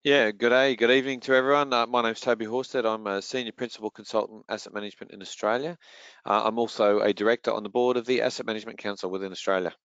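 A man consultant introducing himself on a professional webinar, relaxed and friendly with a few fillers. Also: on the low side, fast talker, clear, resonant tone, no echo. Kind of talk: brief self-introduction. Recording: slightly muffled, dry webinar audio.

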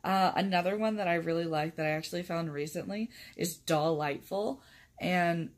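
A young woman with a low voice chats casually to her camera. She rambles, fills her sentences with ums and likes, and laughs often as she talks. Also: moderate pace. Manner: chatty, rambling, laughs often, lots of fillers. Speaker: vlogger.

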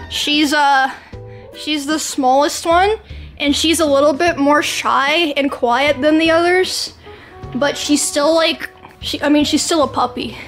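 High-voiced woman chatting playfully at home. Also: poor audio. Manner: coos and scolds puppies in a playful, excitable way. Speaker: streamer vlogging her day. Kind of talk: casual vlog chat.

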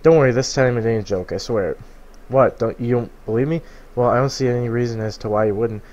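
Guy doing a smug trendy duck critter from a game, rattles off jokes quick and teasing. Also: mid-range voice, a little mellow, muffled recording, natural voice. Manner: fast, smug teasing with cackling laugh. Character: cocky trendy male duck creature, prankster. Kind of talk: fan voice reading of game dialogue.

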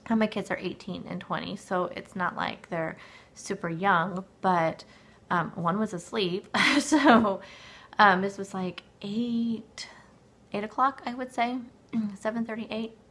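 A woman's voice: medium pitch, unhurried, fairly bright tone. A woman in her forties with a dry throat, talking casually at her home desk in a rambling, filler-heavy way with many restarts. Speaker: weight-loss vlogger. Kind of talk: casual chat to camera.

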